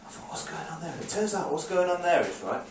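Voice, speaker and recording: A man tells a rambling stand-up story and bursts into shouted voices of drunk clubbers. His voice sits high, and the phone that picked him up sat far off in a club so echoey that his words ring around the room. A faint hum of the crowd and the room lies under it. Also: very animated, fast. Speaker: stand-up comedian. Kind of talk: stand-up comedy set. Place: comedy club stage, live audience. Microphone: phone recording from the audience.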